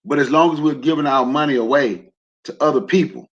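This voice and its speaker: A man's voice: on the high side, fairly quick, slightly rough. Loose-talking man hosting a lo-fi livestream. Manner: loose and conversational, jokes and asks the audience; emphatic, rallying. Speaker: livestream host. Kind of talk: casual livestream talk to a chat.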